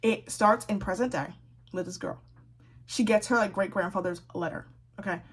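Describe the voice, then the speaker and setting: A young woman in a casual, sassy book-review rant, chatty and laughing often, with a slightly husky voice. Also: medium pitch, moderate pace. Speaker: book vlogger.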